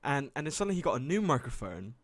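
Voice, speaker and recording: A man's voice: big pitch swings, very fast, no echo. A British man co-hosting a casual gaming podcast, telling a story in a rambling way with fillers, restarts and frequent laughter. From Britain. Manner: laughs often, jumps high when quoting. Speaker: podcast co-host. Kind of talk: casual chat.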